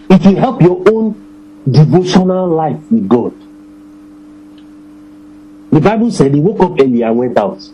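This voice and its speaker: A man preaching a sermon to his congregation, emphatic, repeating phrases and slowing down to stress scripture. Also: a little high, dark tone, slightly rough, poor audio.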